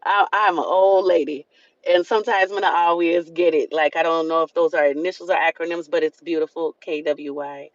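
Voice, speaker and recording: This woman speaks low, with a steady tone and a fairly quick pace, and the recording is dry. Hosting a live stream in her Southern US accent, she gives a sincere, preachy motivational talk that repeats phrases for emphasis. The audio sounds dull and lo-fi.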